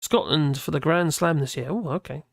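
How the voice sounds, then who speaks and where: Tired host of a live stream, gravelly and mumbling, on a dry close mic. Casual and rambling, with halting restarts. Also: mid-range voice, no echo. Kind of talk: casual live stream commentary reading out chat.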